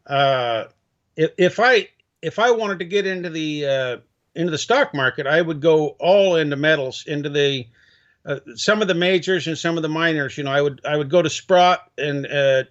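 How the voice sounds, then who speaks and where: A man speaks as a guest in a casual conversation, halting and full of restarts. His voice sits fairly high, and the audio sounds dull and lo-fi. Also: fairly bright tone. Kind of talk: casual chat.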